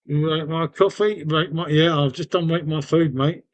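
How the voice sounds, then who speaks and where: A man talks loosely to his live stream viewers. His voice sits a little high, and he rambles from one thought to the next, calling everyone mate. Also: steady tone, moderate pace. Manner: rambling, chatty, says mate often. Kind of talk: casual live stream chat.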